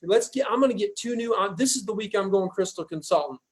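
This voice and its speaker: A man leading a team training call, giving an energetic, folksy pep talk over a video call. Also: high voice, quick pace, slight background noise. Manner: energetic, folksy, pumps up listeners with "guys". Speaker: team leader hosting a sales training call.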